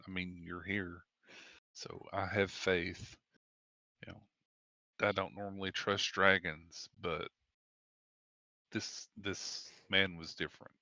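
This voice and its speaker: A man puts on a gentle, protective male ally who speaks in a low, bright voice. He sounds steady and caring, and the recording is dry and close. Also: takes it slowly, long pauses, no echo, exaggerated voice. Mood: reassuring.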